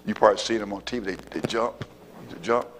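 A man's voice: on the low side, fast talker, slight background noise. Preaching man in a reverberant church. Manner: call-and-response, repeats phrases, fills with amen and praise God. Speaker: apostle and pastor. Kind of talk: sermon. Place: church sanctuary.

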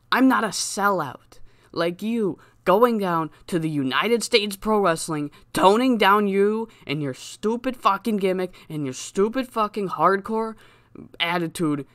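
A man's voice: high-pitched, a bit bright, no echo, studio quality, pitched above the performer's own voice. A man voicing a brash, foul-mouthed male wrestler with a priest gimmick, cutting a taunting promo. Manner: boastful, cursing, taunting. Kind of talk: wrestling promo voice in a game let's-play.

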